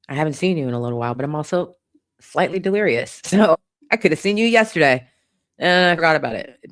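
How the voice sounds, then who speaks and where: A chatty woman hosting a livestream, thanking viewers one after another. Her delivery is relaxed and conversational, with a casual swear now and then. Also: low-pitched. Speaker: livestream host. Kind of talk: casual livestream chat, reading viewer donations.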